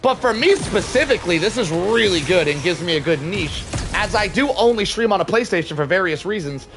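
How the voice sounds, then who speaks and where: A man's voice: sits high, expressive, brisk. A young man streaming a game live, chatting casually with viewers, joking and swearing, with game sounds behind him. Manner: chatty, reads chat aloud, swears and jokes. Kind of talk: casual live-stream chat while gaming. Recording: clear game noise behind.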